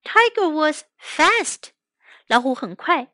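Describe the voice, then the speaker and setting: A woman reading a children's story aloud line by line, translating each line, gentle and clear, as storyteller and English teacher. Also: sits high, sing-song, takes it slowly, no echo.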